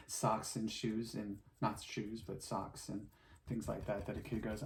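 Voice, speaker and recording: A man's voice: lowish voice, flat delivery, measured pace, darkish tone, slight background noise. A middle-aged man chatting casually while crafting, rambling through memories and laughing often. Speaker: artist and teacher.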